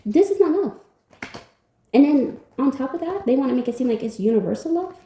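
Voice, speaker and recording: A woman's voice: sits high, animated, a little fast, mellow, roomy sound, slight background noise. A woman giving a pick-a-pile tarot reading, talking in a blunt, emphatic, casual way with some swearing. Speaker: tarot card reader.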